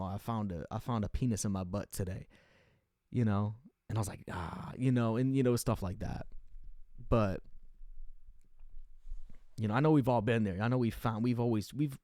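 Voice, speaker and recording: A young man spins a rambling, profane comic story, circling back on himself with fillers and restarts. His voice sits at an ordinary middle pitch, and the recording is close and dry, with no room sound. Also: darkish tone, no room sound. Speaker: comedian telling a story. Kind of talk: casual storytelling monologue.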